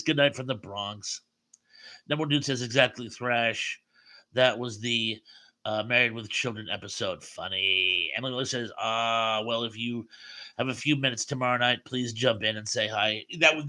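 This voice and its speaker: A man's voice: medium pitch, sharp tone. A middle-aged man hosting a live stream, reading viewer comments aloud with chatty, wry asides. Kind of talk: casual chat.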